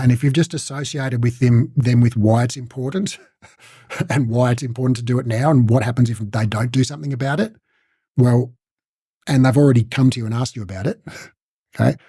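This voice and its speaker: A man's voice: medium pitch, fairly quick, warm tone, slightly rough, no echo, studio quality. A man teaching a casual recorded lesson, talking conversationally and acting out short coach and client exchanges. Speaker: instructor.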